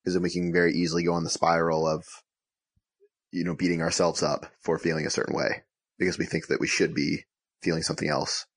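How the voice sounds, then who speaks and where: A man hosting a podcast interview, speaking in a measured, reflective way with light fillers. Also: low-pitched, flat delivery, husky, dry recording. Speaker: podcast host and coach. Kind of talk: interview conversation.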